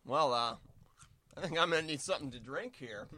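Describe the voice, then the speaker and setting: A man's voice: on the high side, expressive, normal speed, bright, forceful tone. A man guest in a casual snack-tasting chat, rambling in a mock-serious way with hesitant restarts, talking with his mouth full while eating.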